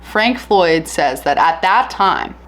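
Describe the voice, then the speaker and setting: A woman casually narrating a true crime case, chatty and candid with an animated retelling. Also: fairly low pitch, slow.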